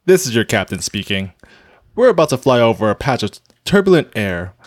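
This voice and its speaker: A man's voice: medium pitch, big pitch swings, a little fast, no echo, clean studio sound, lightly acted. A man voicing an airline pilot making a mock-formal cabin announcement.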